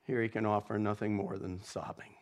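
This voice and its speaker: A male pastor delivering a sermon in a measured, reflective way, reading quotations with feeling. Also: fairly low pitch, flat delivery. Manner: slow, measured preaching with dramatic readings of quotes.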